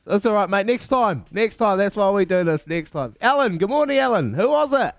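A man with a New Zealand accent hosting a breakfast radio quiz, brisk and matey as he reads questions and counts down. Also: sits high, animated, creaky, no room sound, soft background music. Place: radio studio. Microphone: studio microphone.

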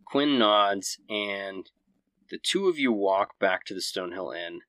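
A man's voice: on the low side, lively intonation, measured pace, fairly bright tone, no echo, low-quality recording. A man narrating as game master in a casual, rambling way with many fillers.

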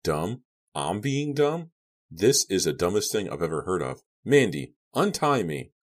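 A man reading the part of a frightened teenage boy who is tied up, pleading and shouting in panic. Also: sits low, fairly quick. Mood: panicked.

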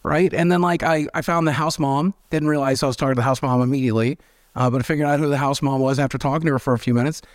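A man, telling candid stories as an interview guest, animated and swearing freely as he acts out quoted voices. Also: mid-range voice, racing, no echo, studio quality. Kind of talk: candid storytelling.

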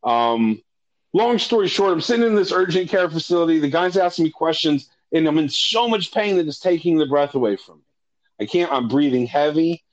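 A man with a slightly high voice talks fairly quickly, his recording muffled, as he casually recounts a personal ordeal. He swears freely, corrects himself often, and gets animated whenever he retells dialogue.

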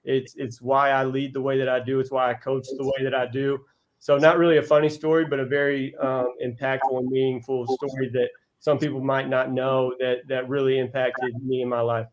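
A man's voice: medium pitch, little pitch movement, brisk, dull audio. A man in his thirties, a basketball coach, talking earnestly as a guest in a casual interview. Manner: earnest, reflective storyteller.

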